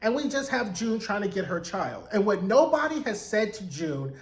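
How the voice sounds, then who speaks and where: A man giving a chatty, animated recap of a TV episode, acting out the characters' lines. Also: sits high, moderate pace. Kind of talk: casual recap commentary. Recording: echoey room.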